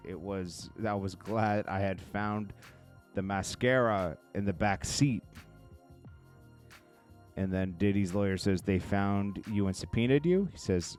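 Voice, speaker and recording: Low-voiced man reading court transcript. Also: measured pace, faint music behind. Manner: reads quotes in a low murmur, then reacts loudly with laughs. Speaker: commentary host reading court testimony. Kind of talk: casual commentary, reading transcript aloud.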